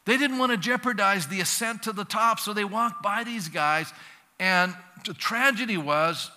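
Animated preaching pastor, man, bright voice. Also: high-pitched, moderate pace. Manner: animated, conversational preaching with acted-out dialogue. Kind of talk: sermon. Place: church sanctuary. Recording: long reverb of a church hall.

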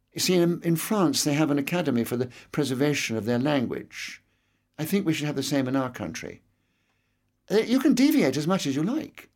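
A man's voice: mid-range voice, a little mellow. An older man with an English accent, reminiscing at length in an interview, with an expansive and anecdotal manner. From England. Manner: expansive, anecdotal, fond of digressions.

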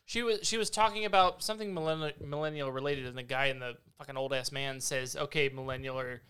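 A man co-hosting a podcast talks fast and jokes around, swearing casually. His voice is smooth and clear. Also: fairly high pitch, fairly even intonation, fairly bright tone. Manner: quick, joking, swears casually. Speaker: podcast co-host.

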